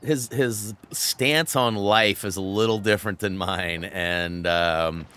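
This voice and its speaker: A man's voice: on the low side, slow, pushed and bright, smooth. A man hosting a gaming channel, chatting casually with a friend while playing and rambling along with many restarts. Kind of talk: casual chat while playing a video game.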